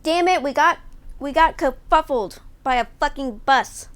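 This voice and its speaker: A young woman streaming live, reacting to a video with loud, profane, joking commentary. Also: high-pitched, unhurried. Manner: loud, profane, mocking jokes and frequent laughs.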